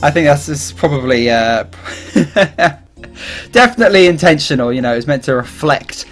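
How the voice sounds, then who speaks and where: A man's voice: a little high, lively intonation, moderate pace, fairly bright tone. A young Englishman with an accent between the Midlands and the South, rambling and joking through gameplay commentary. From England. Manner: rambling, jokey, often laughing. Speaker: gaming YouTuber. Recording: faint music underneath.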